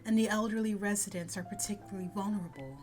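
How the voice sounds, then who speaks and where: A woman voicing a cool, secretive female spy in a game, reading her lines in a calm, measured, low-key way. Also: soft background music, close to an everyday voice. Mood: sly.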